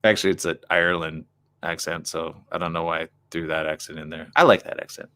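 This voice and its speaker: A man's voice: low voice, steady tone, quick pace, sharp tone, clear, resonant tone. A man hosting a live morning show, reading news items aloud and adding chatty, wry asides. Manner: chatty, wry asides between read passages.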